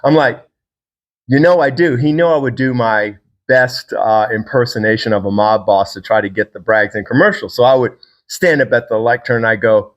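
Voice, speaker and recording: A man's voice: lowish voice, a little fast. A man from Virginia, a fitness trainer and podcast host, talking to the camera in a casual, rambling, enthusiastic solo monologue.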